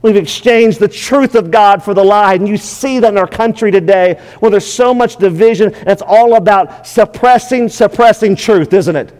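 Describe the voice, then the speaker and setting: A man's voice: high voice, normal speed, few pauses, darkish tone. A man preaching a sermon in a church, emphatic, repeating his phrases and asking the congregation questions. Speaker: pastor. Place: church sanctuary. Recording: long hall reverb.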